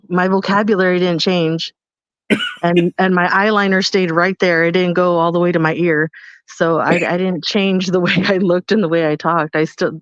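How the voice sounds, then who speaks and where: A woman's voice: lowish voice, clean tone, no echo. Woman on a dull, dry lo-fi line. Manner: frank, talks about her own upbringing, laughs easily. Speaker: podcast co-host. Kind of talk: casual live-stream chat.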